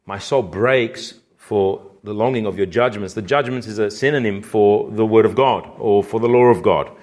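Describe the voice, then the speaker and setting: A man preaching a sermon, speaking slowly and earnestly, with his voice rising whenever he quotes scripture. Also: a little mellow. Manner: earnest, rising in pitch and intensity when quoting scripture; slow, deliberate phrasing with repeated restarts.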